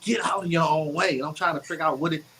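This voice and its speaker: A man's voice: fairly high pitch, fast, a crowd in the background, rough recording. A man co-hosting a casual talk, speaking openly and reflectively about his own journey. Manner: reflective, open and candid. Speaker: co-host. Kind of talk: casual conversation on emotions.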